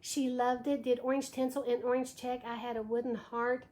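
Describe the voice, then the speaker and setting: Chatty high-voiced woman host. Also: level tone, moderate pace, dark tone. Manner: chatty, gushing, greets viewers by name. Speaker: live craft show host. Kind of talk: live wreath-making tutorial, reading viewer comments. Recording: echoey room with faint background noise.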